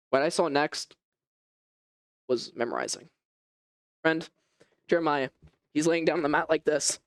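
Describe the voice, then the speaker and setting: A man preaching a first-person dramatic sermon as an animated storyteller whose voice rises and falls. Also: a little high, measured pace, long pauses, no echo, clean studio sound. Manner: animated storytelling, voice rising and falling.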